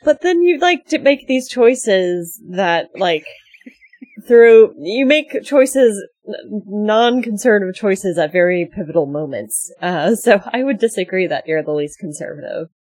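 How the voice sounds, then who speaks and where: A woman with a mid-range voice chats on a podcast, amused and quick to laugh, often adding short remarks. Her voice is dry and close to the mic. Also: mid-range voice, animated, a little mellow, no room sound. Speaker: podcast co-host. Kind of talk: casual chat.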